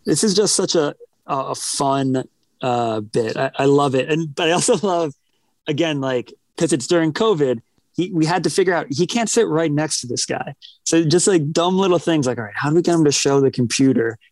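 A man co-hosting a podcast in casual chat, chatty and quick to laugh. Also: on the high side, a little mellow, dry recording. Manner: chatty, laughs often, retells bits with put-on voices. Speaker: podcast co-host.

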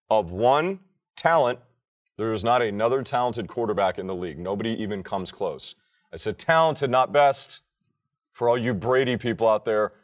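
A man co-hosting a casual sports podcast, ranting emphatically and swearing freely. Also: mid-range voice. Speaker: podcast co-host.

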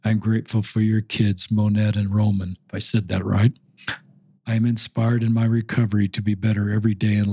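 A middle-aged man hosting a podcast interview, speaking slowly and earnestly as he reads a friend's post aloud. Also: lowish voice, mellow, husky, dry recording. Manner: slow, earnest, moved to emotion while reading. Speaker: podcast host.

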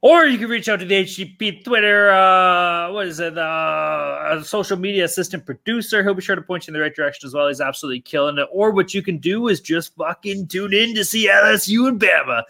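Bright, profane young man hosting a podcast. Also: high-pitched, fairly quick, creaky, hardly any pauses. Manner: loose, profane, joking banter. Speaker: podcast host. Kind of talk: casual podcast chat.

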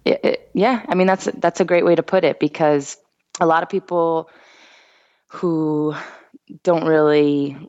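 A woman with a low voice talks through her points on a podcast, pressing them with frequent "I mean" and "you know". Her voice sits close and dry, and the recording sounds dull and lo-fi. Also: steady tone, unhurried, long pauses, a little mellow, no echo. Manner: emphatic, many "I mean" and "you know" fillers. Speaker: guest, basketball player and commentator. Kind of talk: casual podcast chat.

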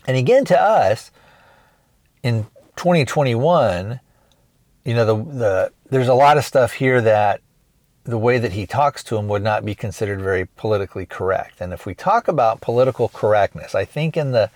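A man's voice: medium pitch, lively intonation, normal speed, darkish tone, dry recording. A man hosting a podcast, casually retelling a movie scene by scene and slipping into short acted quotes. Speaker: podcast host reviewing a film. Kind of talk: casual spoken film recap.

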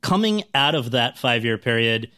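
A man's voice: mid-range voice, sing-song, moderate pace, sharp tone, clear, resonant tone. A man interviewing a guest, asking long questions full of restarts.

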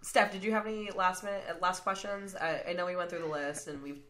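A woman's voice: fairly low pitch, fast talker, a crowd in the background. A woman co-hosting a podcast interview in casual chat, talking with lots of fillers and frequent laughter. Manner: chatty, laughs often, many fillers. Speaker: podcast co-host.

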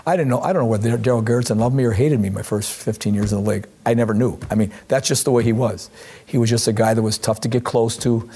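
Husky-voiced older man telling stories fast. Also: mid-range voice. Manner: animated storyteller, frequent restarts, acts out quotes. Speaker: former referee, guest. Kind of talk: storytelling in a casual interview.

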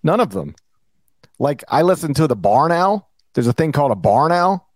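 A middle-aged man co-hosting a sports podcast, talking in a playful, rambling, animated way. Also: a little high, brisk, no room sound. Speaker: podcast co-host. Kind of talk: casual sports podcast banter.

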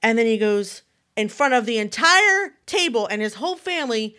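A woman's voice: on the high side, moderate pace. A woman in her early forties, co-hosting a casual chat and telling stories animatedly while acting out what people said. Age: 40s. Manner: animated storyteller who acts out quotes. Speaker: podcast co-host.

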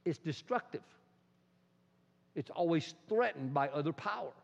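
A man preaching a sermon as a pastor, swinging between loud and hushed delivery and acting out quotes. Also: on the high side, lively intonation, a little slow, gravelly. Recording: dull sound in a reverberant hall.

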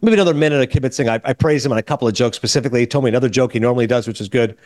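Fast-talking man hosting a podcast. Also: mid-range voice, no room sound. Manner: rambling, animated anecdote with quoted dialogue. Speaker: podcast host. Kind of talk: casual storytelling chat.

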